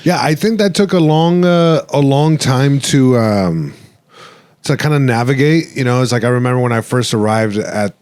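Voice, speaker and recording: 内省的に語る男性ポッドキャスト司会者、デッドな音. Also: male voice, mid-range voice, expressive, normal speed, a little mellow, smooth, no echo, studio quality. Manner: reflective, many fillers and restarts, drops into Spanish. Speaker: podcast host. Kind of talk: casual chat.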